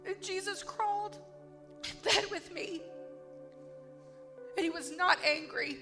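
Woman, devotional testimony, earnest and emphatic, unhurried delivery, soft music behind. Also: very high-pitched. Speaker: speaker giving a testimony.

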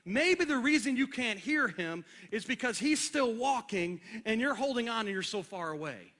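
A male pastor preaching on a church stage, with a very high pitch. His voice is bright and forceful, and he talks with animation and acts out little scenes. He speaks into a stage microphone. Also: animated, normal speed. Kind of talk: sermon. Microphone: handheld or stage microphone.

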